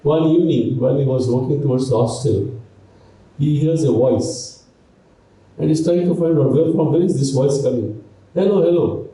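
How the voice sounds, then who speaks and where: Male event speaker telling a light anecdote, easy asides, warm dark tone, recorded from far off in a reverberant hall. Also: mid-range voice, moderate pace. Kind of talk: humorous storytelling speech.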